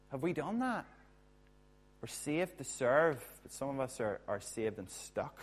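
A man preaches a sermon in a relaxed, conversational way. His pitch sits in the middle range for a man. He keeps the tone jokey and throws in quick asides. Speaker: pastor.

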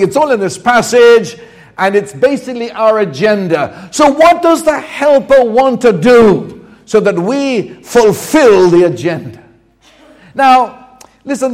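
A man preaching a lively sermon to a live audience, joking and coaxing the crowd to repeat key words back to him. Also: high-pitched. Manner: animated, jokey, coaxes the crowd to repeat words.

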